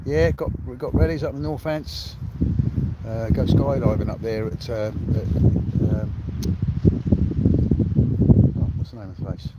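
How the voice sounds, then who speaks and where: A man chats casually with live-stream viewers while fishing on a shingle beach by the sea, rambling in a friendly way. His mid-range voice is steady and a little slow with frequent pauses, the audio dull, and loud wind and surf fill the background.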